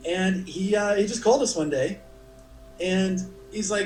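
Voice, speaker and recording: A man's voice: high-pitched, measured pace. Chatty man in an echoey room. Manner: chatty, rambling with many restarts. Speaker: interview guest, commercial actor. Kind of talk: casual interview storytelling. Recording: echoey room with faint music.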